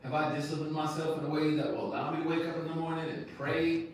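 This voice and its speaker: A man's voice: fairly high pitch, level tone, fast, slight background noise. Man lecturing in an echoey room. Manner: conversational, slangy, direct, with rhetorical questions. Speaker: imam giving a lecture. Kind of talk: casual lecture to students. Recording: echoey room, picked up from a distance.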